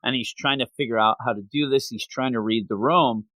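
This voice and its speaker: Guy chatting about a manga on a podcast, bright voice, dry close sound. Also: mid-range voice, a little fast, no echo. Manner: animated storytelling, acts out characters in silly voices. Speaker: podcast host. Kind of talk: casual manga review chat.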